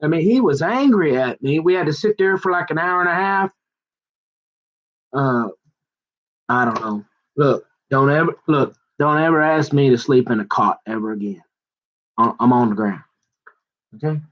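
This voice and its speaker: A man's voice: a little high, animated, moderate pace, pauses often, fairly bright tone, lo-fi sound. A middle-aged man rambling in casual, digressive chat with folksy turns of phrase. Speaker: vlogger.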